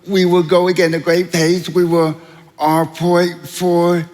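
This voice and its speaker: A young man as an interview guest, talking slowly and haltingly with long pauses. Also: high voice, level tone, a little mellow. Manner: slow, halting delivery with many pauses. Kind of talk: onstage interview. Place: large church auditorium. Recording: reverberant hall.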